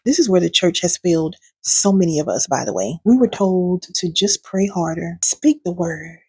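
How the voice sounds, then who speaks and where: A woman's voice: on the low side, lively intonation, moderate pace, a little mellow, breathy edge, dry recording. A woman host, coaching her viewers in a direct-to-camera talk, preachy and sassy, calling them pet names. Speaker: healing coach and video host.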